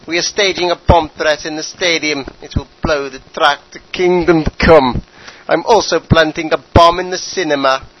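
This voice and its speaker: A man's voice: on the high side, steady tone, normal speed, highs cut off, close to an everyday voice. A man voicing a pompous, bumbling dictator who addresses his troops with grand speeches. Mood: scheming. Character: pompous bumbling male dictator, middle-aged.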